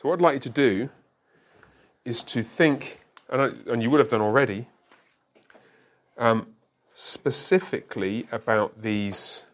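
A man's voice: mid-range voice, unhurried. A middle-aged man, a pastor, teaching a church class in a conversational way and often checking that listeners follow.

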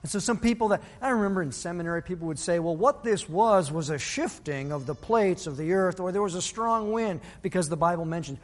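A man's voice: high-pitched, a little fast, few pauses, big-room sound, faint music behind. A male pastor preaching a sermon, telling a Bible story and acting out the people's voices. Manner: storytelling, acts out biblical voices.

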